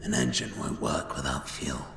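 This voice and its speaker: A man voicing a tired, cold and menacing male animatronic rabbit in an animated horror clip, with a deep, creaky drawl. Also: normal speed, crowd noise, exaggerated voice. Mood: weary. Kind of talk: animated horror drama dialogue. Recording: roomy reverb with ambient noise.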